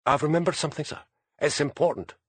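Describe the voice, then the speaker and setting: A man's voice: a little high, quick pace, husky, no room sound, voice pushed up. A man voicing an eager, earnest young female police constable in an audiobook.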